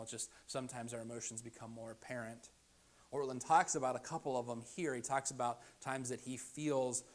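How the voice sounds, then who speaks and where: A young adult man preaching a sermon as pastor, moving from hushed, soft-spoken lines to raised, emphatic ones. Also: medium pitch.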